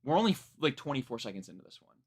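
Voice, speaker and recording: A man's voice: mid-range voice, big pitch swings, rapid-fire, creaky. A young man reacting live to a new song, talking casually, rambling and correcting himself, frank and a bit profane. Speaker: music reaction streamer.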